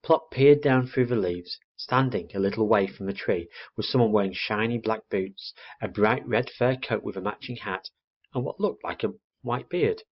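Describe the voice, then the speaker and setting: Husky low-voiced man reading a story. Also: moderate pace. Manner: expressive storyteller. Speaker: teacher. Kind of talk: children's story read-aloud lesson. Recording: dull lo-fi recording.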